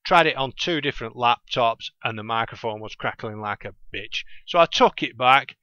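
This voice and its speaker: A man's voice: medium pitch, expressive, normal speed, pushed and bright, no echo, highs cut off. A man with a thick Lancashire accent hosting a gaming podcast alone, chatting casually and often losing his train of thought. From England. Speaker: podcast host. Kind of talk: casual rambling monologue.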